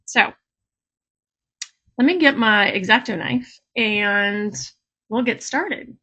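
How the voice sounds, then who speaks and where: Brief: woman in her 30s, craft vlogger, chatty and rambling, slightly high voice. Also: lively intonation, slow pace, bright, forceful tone, husky, muffled recording. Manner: chatty, rambling, frequent fillers and laughs. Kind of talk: casual chat. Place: home art studio.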